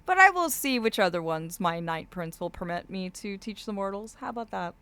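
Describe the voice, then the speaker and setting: A woman with a bright, forward voice hosts a casual live stream in character as a fey being. She fondly calls viewers darlings and laughs often. A swollen cheek slightly blurs her speech, and the recording is close and dry. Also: mid-range voice, expressive, a little fast, clear, resonant tone, dry recording. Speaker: streamer playing a fey persona.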